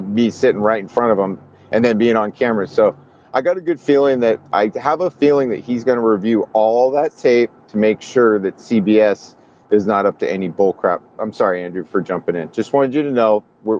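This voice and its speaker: A man talks in casual conversation and slips into animated, acted-out voices when he quotes people. His sound is dull and lo-fi, with a faint vehicle hum behind him. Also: lowish voice. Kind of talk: casual chat.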